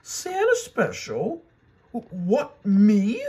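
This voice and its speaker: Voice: mid-range voice, sing-song, slow, darkish tone, slightly rough, pitched above the performer's own voice, full character voice. A narrator voicing a prim, haughty female diesel railcar who complains fussily and indignantly. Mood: flustered. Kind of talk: storybook reading.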